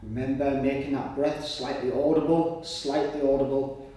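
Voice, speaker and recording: A man's voice: mid-range voice, steady tone, moderate pace, warm tone. A man leading a guided somatic exercise, giving encouraging cues and breathing audibly between them. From Britain. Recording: echoey room, voice from far off.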